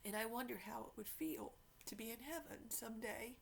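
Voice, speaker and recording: Woman reading a book out loud, emotional and earnest, raspy creaky voice. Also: medium pitch, steady tone, moderate pace, hardly any pauses, slight background noise, low-quality recording. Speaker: reader. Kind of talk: reading a novel aloud.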